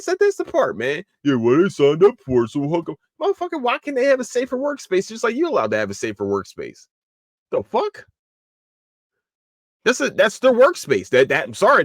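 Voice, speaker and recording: A man hosting a solo podcast, ranting in a profane, animated way and swearing freely. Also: no echo, clean studio sound. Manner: profane, animated, mocking high-pitched impressions. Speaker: podcast host.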